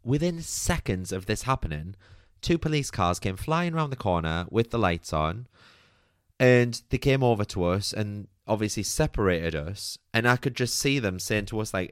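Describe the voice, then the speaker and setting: A man's voice: on the low side, expressive, normal speed, clean tone, no echo, studio quality. A man hosting a podcast, telling a personal story in a chatty, candid way full of "like" and the odd swear. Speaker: podcast host.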